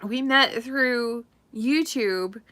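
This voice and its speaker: A woman's voice: a little high, very slow, bright, forceful tone. A middle-aged woman, a real estate agent chatting casually on a live stream, rambling and laughing often.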